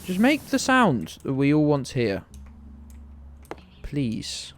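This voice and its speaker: A man's voice: on the high side, wildly swooping pitch, slow, a little hiss or hum. A British man giving casual, sarcastic and sweary commentary while streaming a video game. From Britain.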